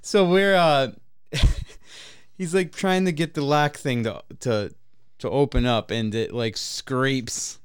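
Smooth-voiced man telling a rambling story. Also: mid-range voice, unhurried. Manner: rambling, profane, often laughing mid-story. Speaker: podcast co-host. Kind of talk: casual storytelling chat.

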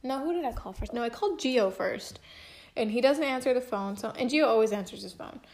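A woman's voice: a little high, lively intonation, brisk, a little mellow. A young woman casually telling a personal story at home, chatty and emotive, full of filler words.

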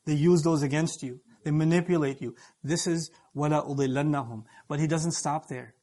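A man's voice: fairly high pitch, fairly even intonation, moderate pace, mellow. A man giving an emphatic Friday sermon, explaining points and asking his listeners questions. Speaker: preacher.

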